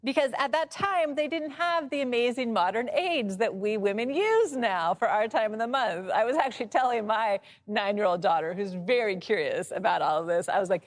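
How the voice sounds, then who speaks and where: A woman in her thirties teaching a casual Bible study, chatty and expressive, laughing often as she explains the passage. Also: fairly high pitch, normal speed, hardly any pauses.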